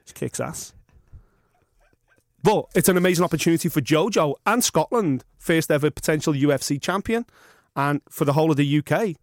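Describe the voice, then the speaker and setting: A man's voice: a little high, dry recording, studio quality. Blunt, enthusiastic podcast co-host man. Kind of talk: casual chat.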